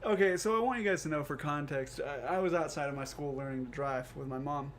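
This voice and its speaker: A young man, a podcast co-host, telling a comedic story with animated delivery and swearing. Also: a little high, fast. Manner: animated, swearing, acts out quoted voices. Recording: faint background noise.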